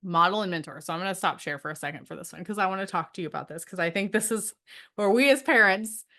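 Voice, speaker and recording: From her home, where a dog is nearby, a middle-aged woman runs an online coaching session for homeschool parents. Her mid-range voice is fast, pushed and bright; she talks conversationally, checks in often with "right?" and performs the voices of parents and teens.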